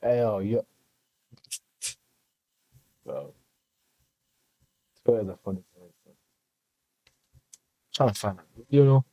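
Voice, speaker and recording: Guy doing a casual reaction vid, rambling, swears a lot, lowish voice. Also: slow pace, pauses often, no room sound, highs cut off. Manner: loose, rambling, full of fillers and swearing. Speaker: reaction video host. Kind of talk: casual commentary.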